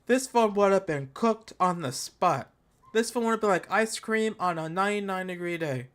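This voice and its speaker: Tech youtuber dude ranting live over an event stream, jokey and over the top, slangy, chatting with viewers. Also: male voice, high voice, normal speed, fairly bright tone. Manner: ranting, joking, exaggerated mockery; casual slangy banter with chat. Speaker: tech channel host.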